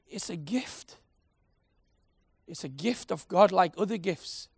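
Fervent man preaching, gravelly voice. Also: high voice, animated, slow, pauses often, no room sound. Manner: passionate, swings from loud to soft and intimate. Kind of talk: sermon.

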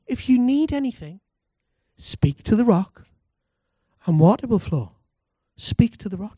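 A man, a pastor, preaching a lively sermon and calling on the congregation to respond. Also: on the high side, breathy edge, no echo, clean studio sound. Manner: animated preaching, calls for congregation responses, laughs.

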